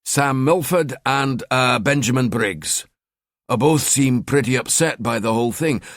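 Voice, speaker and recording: A man's voice: medium pitch, measured pace, a bit bright, no echo, clean studio sound, close to an everyday voice. A man voicing a cheeky, sardonic male police detective in an audiobook. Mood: wry. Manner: wry, chatty.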